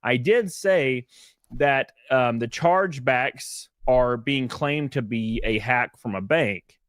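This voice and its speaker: A man's voice: medium pitch, takes it slowly, fairly bright tone, no room sound, studio quality. A man with a Southern accent, recounting his grievances in an online video. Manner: aggrieved storytelling, recounting complaints. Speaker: content creator.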